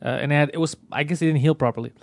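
A man's voice: a little high, racing, dry recording. A young man, a comedian, telling a story in casual chat and acting out the voices, with a lot of swearing.

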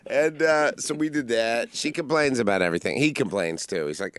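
A man in casual comedic podcast chat, telling crude stories with a deadpan delivery. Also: medium pitch, brisk, slight background noise. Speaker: podcast co-host.

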